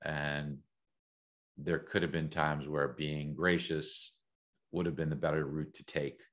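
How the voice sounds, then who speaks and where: A middle-aged American man talking as an interview guest, thoughtful and measured, often repeating words as he thinks. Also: rumbling low, little pitch movement, a bit bright. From United States. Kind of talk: reflective interview talk.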